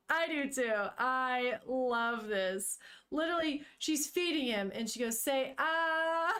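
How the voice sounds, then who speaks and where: A woman's voice: high voice, lively intonation, slow pace, fairly bright tone. A woman streamer reading a manga aloud and chatting casually with her viewers, laughing often and swearing now and then.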